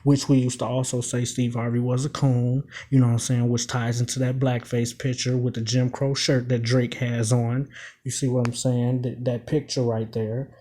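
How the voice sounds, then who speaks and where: Mellow-voiced man breaking down lyrics. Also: mid-range voice, level tone, moderate pace. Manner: emphatic, repeats quoted lines, keeps asking "you know what I'm saying". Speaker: commentator.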